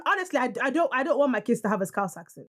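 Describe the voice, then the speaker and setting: A young woman from Nigeria co-hosting a podcast in casual, argumentative chat. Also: high voice. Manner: animated, argumentative, quick to protest. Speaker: podcast co-host.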